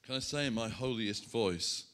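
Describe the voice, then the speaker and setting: Pastor doing a sermon with props, chatty asides, pokes fun at himself. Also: male voice, mid-range voice, normal speed, a little hiss or hum. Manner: animated, self-mocking, chatty asides to the congregation. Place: church hall.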